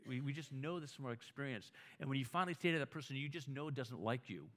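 A fast-talking man with an expressive, fairly bright mid-range voice preaches a conversational sermon full of stories. He restarts his words often, repeats himself, and seeks agreement from the audience.

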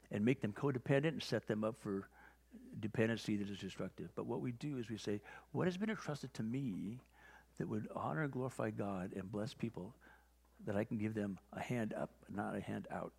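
A man preaching a sermon as pastor, telling stories and acting out both sides of conversations with lively energy. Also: fairly low pitch, normal speed, creaky, breathy edge. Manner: animated storytelling, acting out conversations. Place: church sanctuary. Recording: long hall reverb.

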